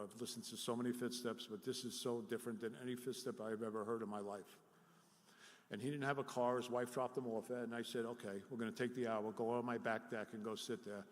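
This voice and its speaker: Middle-aged man telling stories in a hall. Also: mid-range voice. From Jersey City, New Jersey. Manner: animated, self-deprecating storyteller. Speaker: recovery workshop speaker. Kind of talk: live storytelling talk. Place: workshop hall before an audience. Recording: echoey hall with long reverb.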